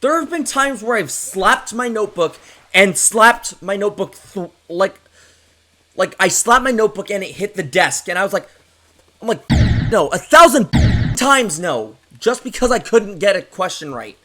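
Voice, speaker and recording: A young adult gamer hosting a casual voice chat, excitable and blurting out bursts while playing. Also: medium pitch, moderate pace. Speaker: gamer host of the channel.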